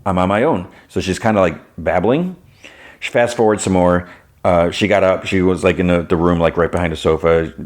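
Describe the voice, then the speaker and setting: A man's voice: deep voice, a little fast. A man hosting a podcast, recapping a TV episode in a rambling, casual way with lots of "like" and "you know" and "fudging" in place of curses. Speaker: podcast host.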